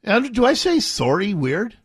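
A man from the Seattle area hosting a talk radio show, animated and indignant, arguing playfully with his co-hosts. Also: high voice, normal speed, husky. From Seattle area, USA.

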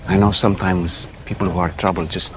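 A man playing a calm, gentle Jesus in a TV drama, speaking softly and measured with a Middle Eastern accent. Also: low voice, close to an everyday voice. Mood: gentle, soothing. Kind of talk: TV drama dialogue. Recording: noisy TV clip.

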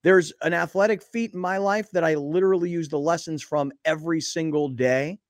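A male sports radio host talks in a dead, dry studio sound. His voice sits a bit high for a man. He is chatty and self-deprecating, and he leans hard on the points he cares about. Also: steady tone, fairly quick, no echo. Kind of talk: casual sports talk radio. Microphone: studio microphone.

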